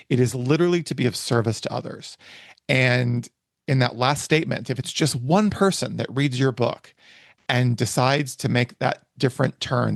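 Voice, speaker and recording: A man's voice: medium pitch, vocal fry, no echo, clean studio sound. A male podcast host speaking in an earnest, heartfelt way, openly moved during the conversation. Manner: earnest, heartfelt, gets emotional. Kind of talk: emotional interview conversation.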